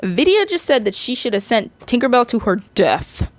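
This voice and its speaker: A woman's voice: a little high, very animated, moderate pace, no echo. A woman in her twenties recapping a movie in a rambling, chatty way, full of fillers. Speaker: vlogger.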